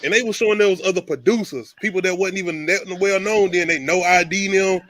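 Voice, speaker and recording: A man co-hosting a podcast in casual chat, telling stories in an animated way. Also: sits high, brisk, soft background music. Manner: animated storyteller, laughs often. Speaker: podcast co-host.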